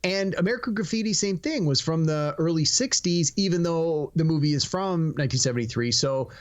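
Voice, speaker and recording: A man co-hosts a podcast in easygoing chat, his voice fairly high with a lively lilt and a slightly quick pace. His humor is dry and teasing.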